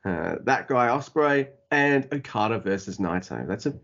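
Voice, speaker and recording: A man's voice: medium pitch, animated, moderate pace, a bit bright, lo-fi sound. A man co-hosting a casual wrestling podcast, easygoing and laughing, running through a card of matches. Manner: easygoing, laughs often, reads through lists. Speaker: podcast co-host.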